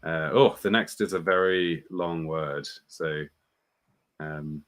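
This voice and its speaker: Very deep-voiced man hosting a study stream. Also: steady tone, takes it slowly, fairly bright tone. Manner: curious, asks questions, reads out viewer comments. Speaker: host of a Bible study stream. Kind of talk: casual livestream chat.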